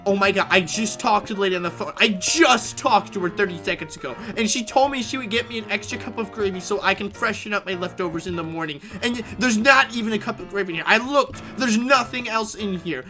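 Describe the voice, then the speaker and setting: A man mimicking a shrill, frantic customer lady. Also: fast, few pauses, sharp tone, faint music behind. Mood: flustered. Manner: shrill, flustered, repeating herself. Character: fussy, frantic female restaurant customer.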